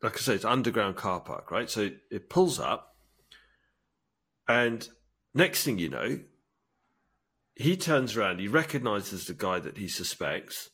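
Animated man retelling a film. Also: fairly low pitch, breathy edge. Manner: enthusiastic storytelling, acts out film lines. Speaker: podcast co-host. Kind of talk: casual chat.

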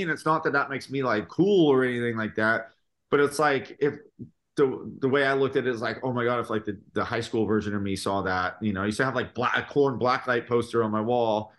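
A man guesting on a podcast, talking casually and animatedly about life in a band. His voice sits at a middle pitch. His stories run on with lots of fillers. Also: a little fast. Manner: animated storytelling, full of fillers. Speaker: guest musician.

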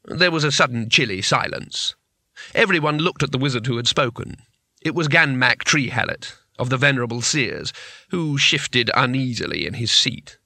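A man's voice: mid-range voice, expressive, moderate pace, vocal fry, sharp tone, dry recording. A man narrating a comic fantasy audiobook in a wry, dry storytelling manner.

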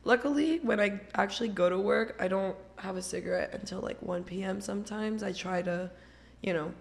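A woman with a French accent and a raspy voice, chatting casually as a guest and laughing often. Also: medium pitch, a little fast, slight background noise. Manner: chatty, laughs often, trails off mid-sentence. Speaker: interview guest. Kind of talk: casual chat.

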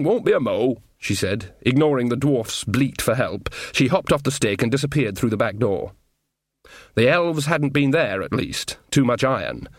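A man giving scripted audiobook narration in an even, measured way. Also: medium pitch, no echo, clean studio sound.

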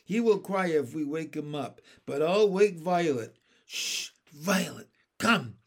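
A man voicing a practical, caring older sister in a storybook, speaking in a hushed way. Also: on the high side, lively intonation, slow, gravelly, full character voice. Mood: urgent hushed.

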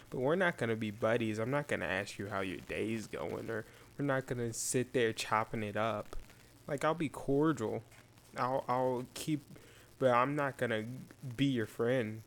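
A young man talking in a casual chat, laid-back and teasing, laughing easily. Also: mid-range voice.

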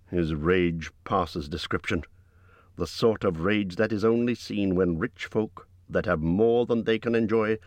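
Low-voiced male audiobook narrator. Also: no echo. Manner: measured, dramatic storytelling.

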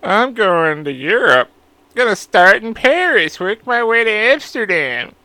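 A dopey, sing-song guy stretches every word into a lazy, goofy drawl, as a man mocks his buddy. The voice climbs far above a normal speaking pitch and slows right down. It sounds close and dry. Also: big pitch swings, sharp tone, dry recording, full character voice. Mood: mocking. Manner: high, drawn-out, goofy drawl. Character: mocking send-up of a dopey male friend.

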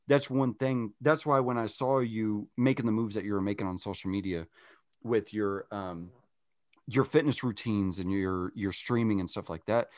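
Low-voiced swearing podcast host, thirties. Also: male voice, moderate pace, dry recording, clean studio sound. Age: 30s. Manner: rambling, swears casually, repeats words. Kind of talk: casual podcast conversation.

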